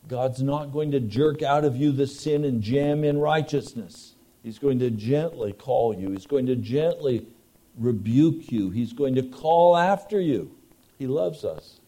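A male pastor delivers a sermon in a warm, mellow voice. He shifts between raised, emphatic declarations and soft, near-whispered passages. His pitch sits in an ordinary middle range. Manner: earnest preaching, swings from loud emphasis to hushed intimate tones.

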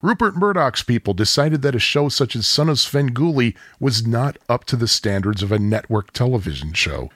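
A man's voice: medium pitch, lively intonation, moderate pace, few pauses, a bit bright, dry recording. A man from the Chicago area hosting a podcast, telling nostalgic stories in a chatty, self-deprecating way. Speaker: podcast host. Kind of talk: casual storytelling monologue.

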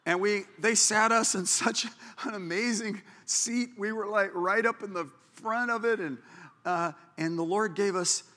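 Male pastor, excitable storyteller, sharp high voice, long hall reverb. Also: unhurried. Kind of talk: sermon. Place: church. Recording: echoey church hall.

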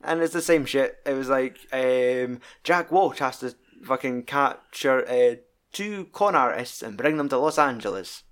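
A man's voice: medium pitch, expressive, a little slow, fairly bright tone, smooth. Swearing man chatting about films. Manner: rambling, heavy swearing, laughs while recalling scenes. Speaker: podcast co-host. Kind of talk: casual film review chat.

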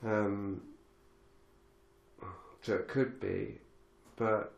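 Extremely slow and flat, this low, gravelly voice belongs to a Galicia-based podcast host, heard in a roomy space. He reflects aloud, full of fillers and restarts.

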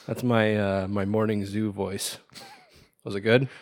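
A man's voice: lowish voice, level tone, measured pace. A man co-hosting a podcast, trading jokes and laughing through casual banter. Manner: joking, irreverent banter with frequent laughs. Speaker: podcast co-host. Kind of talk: casual chat.

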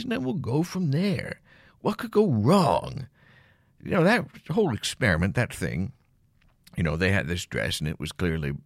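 Wry late-night podcast host, man, deep and gravelly, lively pitch, dry close-miked sound. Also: dry recording. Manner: rambling, dry, wry asides with chuckles. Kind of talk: late-night solo monologue. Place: home at night, alone.

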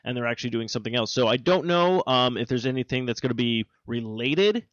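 A man's voice: mid-range voice, animated, quick pace, a bit bright, no room sound. A man hosting a casual podcast, teasing and rambling, filling gaps with "uh" and "basically". His voice sits in an ordinary middle range. The recording is dull and lo-fi, in a dead, dry space. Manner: teasing, rambling with many fillers. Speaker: podcast host. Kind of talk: casual chat.

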